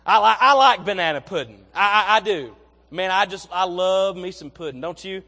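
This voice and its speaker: A young man preaches a sermon in a high, sharp-toned voice at a moderate pace. He is folksy and conversational, frequently repeating words as he tells stories, and a large hall's long reverb surrounds him.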